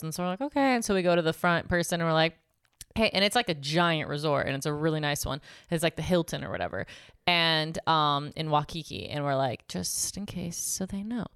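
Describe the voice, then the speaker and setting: Casual podcast co-host, a woman, swears freely, smooth tone, dry close sound. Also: low voice, no echo. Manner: profane, animated retelling with many "like"s. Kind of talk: casual storytelling chat.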